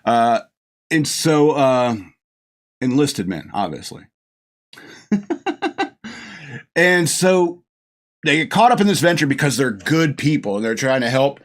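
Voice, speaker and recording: A middle-aged podcast host rambles through a casual movie review, gushing, laughing often, and acting out lines from the film. He's very animated, with a medium-pitched voice, a slow pace, and long pauses.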